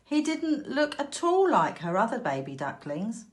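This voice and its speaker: A woman teacher reading a picture book aloud to young children, slow, clear and expressive. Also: fairly high pitch.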